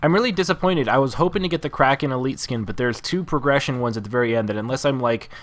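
A man's voice: medium pitch, fast. Rambling young man chatting over gameplay. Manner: rambling, self-interrupting, trails off mid-sentence. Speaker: gamer recording gameplay. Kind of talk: casual gameplay commentary and voice chat.

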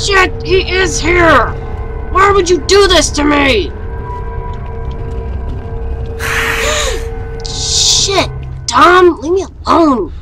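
A woman's voice: extremely high pitch, slow, loud music behind the voice, poor audio. A young woman playing a horror game on her channel, panicking, swearing and shrieking at what chases her. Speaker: gaming YouTuber. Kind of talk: horror game let's play commentary.

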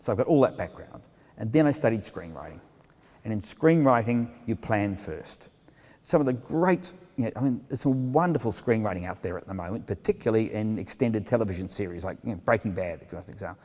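A man's voice: on the low side, animated, fairly quick, darkish tone. A middle-aged man, an author giving a humorous talk to an audience, self-mocking and full of asides. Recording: long hall reverb.

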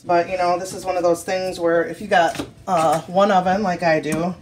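A woman's voice: on the low side, little pitch movement, normal speed, darkish tone. Chatty woman vlogger over road noise. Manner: chatty and rambling, with fillers and asides. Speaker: cooking vlogger. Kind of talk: casual vlog chat. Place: car, then home kitchen.

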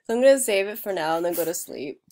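A woman with a slightly low voice talks through her own vlog in a loose, rambling way. She pokes fun at herself as she goes and sometimes sinks to a soft near-whisper. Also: lively intonation, quick pace. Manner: self-mocking, rambling, laughs at herself. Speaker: video creator. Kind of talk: casual self-narrated vlog.

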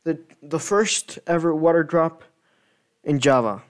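A man's voice: a little high, unhurried. Man rambling through gameplay commentary. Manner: rambling, self-correcting, thinking aloud. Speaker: gaming video creator.

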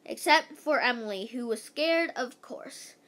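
Halting read-aloud narrator, a woman with a bright, high voice. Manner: halting, stumbling read with restarts. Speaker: reader. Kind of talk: reading a children's book aloud.

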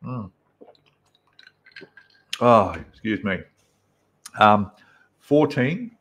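A man's voice: on the low side, lively intonation, drawn-out words, fairly bright tone. Chatty Australian man hosting a stream. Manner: chatty, greets viewers one by one. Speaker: live stream host. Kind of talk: casual live stream chat.

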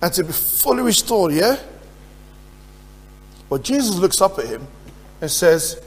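A man's voice: high voice, very animated, measured pace, pauses often. A man preaching as pastor, earnest and putting questions to his congregation. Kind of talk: sermon. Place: church. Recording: reverberant church hall.

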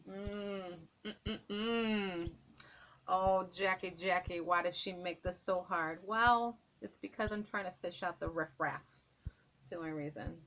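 A woman's voice: lowish voice, a bit bright, a little hiss or hum, rough recording. A woman vlogger chatting to camera at home, gushing and repeating herself, a little out of breath. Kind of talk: casual chat to camera. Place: at home, indoors.

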